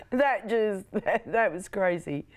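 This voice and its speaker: A woman in a news feature interview, laughing easily as she recalls her husband's love notes. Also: medium pitch. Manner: amused, laughs easily, reads notes aloud. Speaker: interviewee, wife.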